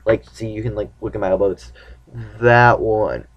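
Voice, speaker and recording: A teenage boy talks casually about his relationship in a personal vlog, rambling and acting out the dialogue from conversations he retells. His voice is fairly low with fairly even intonation, he speaks at a normal speed, and the recording sounds lo-fi.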